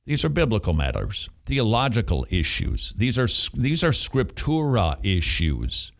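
A man's voice: fairly low pitch, wildly swooping pitch, a little slow, vocal fry. A man speaking as a pastor to fellow pastors, feverish and emphatic, repeating phrases to drive them home.

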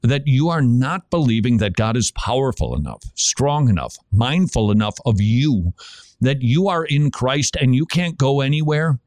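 A man's voice: mid-range voice, lively intonation, moderate pace, darkish tone, no echo. Emphatic preacher man. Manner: emphatic, rhetorical questions to listener. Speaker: preacher and podcast host. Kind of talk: preaching-style podcast talk.

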